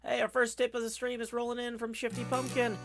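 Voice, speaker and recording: A man's voice: very high-pitched, monotone, fairly quick. A man hosting a game stream, playfully explaining what he is doing as he plays. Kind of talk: casual gameplay commentary. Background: game music.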